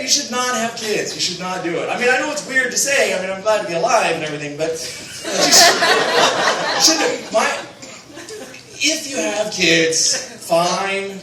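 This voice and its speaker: A man's voice: high voice, very noisy. A middle-aged man doing a live stand-up set, rambling, crude and self-mocking, calling out to the audience. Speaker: stand-up comedian. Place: comedy fundraiser venue with live audience. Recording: echoey room from far off with loud crowd.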